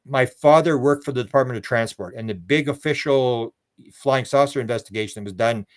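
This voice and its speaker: An older man from Canada talks as a guest in a relaxed interview. He rambles from story to story, stumbling over repeated words and restarting sentences. His voice sits at an ordinary middle pitch for a man. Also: fairly quick. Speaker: guest, UFO researcher.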